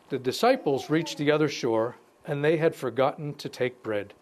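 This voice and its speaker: A man's voice: a little high, a little hiss or hum. A man giving an informal Bible study. He reads passages aloud and stops often to comment, and he restarts phrases as he talks. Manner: conversational, pauses to comment between verses, restarts phrases. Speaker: Bible teacher. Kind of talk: informal Bible study talk with scripture reading.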